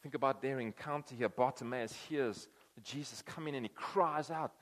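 A man's voice: mid-range voice, normal speed, in a large hall. A man preaching a conversational sermon, acting out quoted voices as he tells the story. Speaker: pastor.

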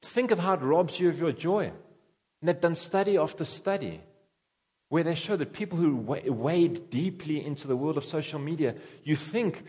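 A man preaching a conversational sermon to a congregation, animated and repetitive, with sudden jumps in pitch. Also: moderate pace, breathy edge.

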